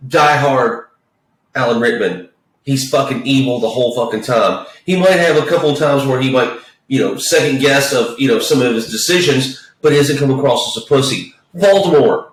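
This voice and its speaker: A man's voice: medium pitch, normal speed. Rambling, profane man in an echoey room. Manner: rambling, profane, many restarts. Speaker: podcast co-host. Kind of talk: casual movie discussion. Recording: echoey room, distant mic.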